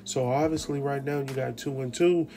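A man's voice: medium pitch, fairly even intonation, moderate pace, dark tone, soft background music. A man hosting a casual TV episode recap, telling it in a loose, slangy way and retelling scenes as dialogue.

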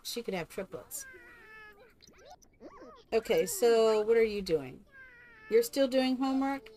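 A woman streaming a game live, chatting casually and coaxing her characters like a doting mother. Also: fairly high pitch.

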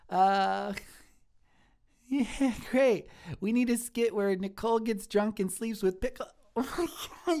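A man's voice: high-pitched, a little mellow, smooth, exaggerated voice. A man voicing a giddy, childlike young woman who works in a kitchen, giggly and scattered as she answers live chat questions. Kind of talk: improvised live-stream character comedy.

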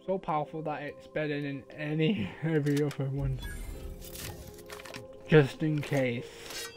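A man streaming a video game live, commenting as he plays, with loud excited outbursts and swearing. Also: a little high, a little slow. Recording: game music behind. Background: game music.

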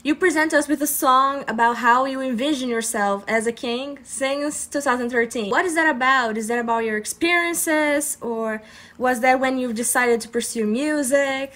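A woman's voice: high-pitched, moderate pace, a bit bright. Woman host posing a question. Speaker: interview host. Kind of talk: interview questions.

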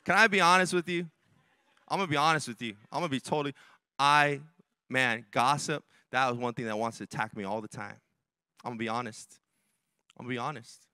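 A man's voice: medium pitch, a little fast, long pauses, bright, forceful tone, clean tone, dry recording. A male pastor preaching a sermon in a church, emphatic and direct with the congregation, often repeating his key phrases. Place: church sanctuary.

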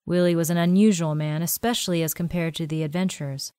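Female audiobook narrator, lower register, dry close studio mic, measured. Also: smooth, dry recording. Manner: steady, measured storytelling. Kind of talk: scripted narration.

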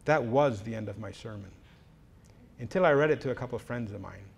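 A middle-aged man giving a conference lecture in a preaching style, emphatic, swinging from loud declarations to low, quiet lines and acting out quoted exchanges. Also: fairly quick, vocal fry, breathy edge. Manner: lively, acts out quoted exchanges. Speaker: conference speaker. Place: conference hall.

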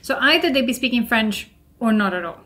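A woman co-hosting a book podcast, telling stories in a chatty, animated way with lots of fillers. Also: on the high side, a little fast. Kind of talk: casual chat.

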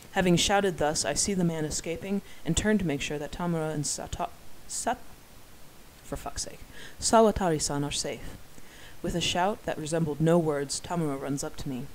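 An amateur narrator reading a first-person novel aloud, dropping wry, self-deprecating asides. The pitch sits in the middle, with a faint hiss behind the voice. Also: moderate pace, poor audio.

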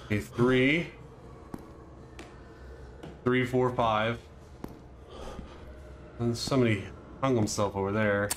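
A man playing a horror game and commenting on it with jokes, breaking into panicky yelps and shouts when something startles him. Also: mid-range voice, fairly even intonation, slow pace, pauses often, a little hiss or hum. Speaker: let's play gamer.

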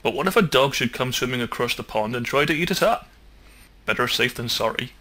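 A careful, worried frog who lays out every what-if in a patient, earnest voice, as a man acts him out. The tone is bright and clear, close to a storyteller's own. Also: medium pitch, lively intonation, fairly quick. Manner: earnest, patient, reasoning through what-ifs. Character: cautious, worrying male frog with a stick.

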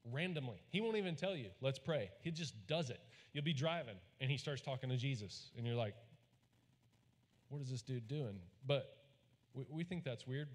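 A man from Texas, preaching a sermon in a folksy storytelling way and getting the congregation to repeat lines back. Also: mid-range voice. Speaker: pastor. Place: large church hall. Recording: long hall reverb.

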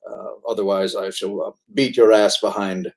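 A man's voice: fairly low pitch, flat delivery, normal speed, lightly acted. A man playing a pompous, overly formal ghost of a cult founder at a comedy roast.

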